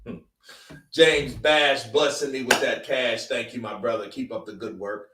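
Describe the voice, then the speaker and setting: A man's voice: mid-range voice, steady tone, normal speed, roomy sound, distant mic, noisy background. A man hosting a casual live stream, talking in a loose, rambling, slangy way. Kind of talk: casual chat.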